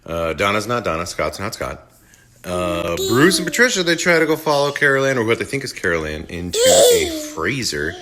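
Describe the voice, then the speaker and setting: A man retelling a movie plot in a casual, animated way as a movie reviewer. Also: lowish voice, moderate pace, a little hiss or hum. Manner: animated storytelling.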